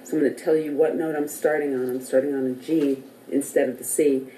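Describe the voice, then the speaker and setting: A woman teaching a casual singing lesson beside a piano, speaking and singing scale notes in her low morning voice. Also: steady tone, a little fast, mellow, reverberant, a little hiss or hum, poor audio. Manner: friendly, counts and sings scale notes. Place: relative's house, near a piano.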